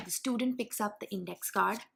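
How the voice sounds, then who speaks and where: A young woman hosting a reading lesson video, explaining clearly and sounding out demonstration words slowly. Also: medium pitch, fairly bright tone, slight background noise. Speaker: teacher and channel host. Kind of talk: instructional video for parents and teachers.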